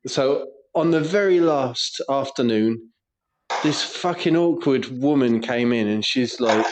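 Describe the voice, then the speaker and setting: A man's voice: mid-range voice, measured pace, background noise. A young man, a podcast co-host, telling a sweary anecdote in casual banter.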